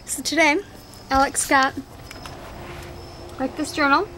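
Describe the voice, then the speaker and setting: A woman's voice: sits high, fairly even intonation, slow pace, pushed and bright, a little hiss or hum, low-quality recording. A young woman vlogging at home while she has the hiccups, chatty and giggly. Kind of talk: casual home vlog chat.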